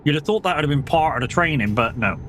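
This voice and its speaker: Fairly high and a bit bright, with lively intonation, this young man from the United Kingdom speaks quickly over slight background noise. While he streams a driving game, he rambles casually about past jobs, swearing as he goes.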